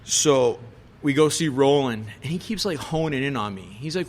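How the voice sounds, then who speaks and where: A man telling a story on a podcast in a lively, loose way, full of swearing and fillers, his voice sitting at a middle pitch. He leans into the voices of the people he quotes, and there is a faint hiss of noise behind him. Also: brisk. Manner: animated, profane storytelling with many fillers. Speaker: chef, podcast guest. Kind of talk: casual storytelling interview.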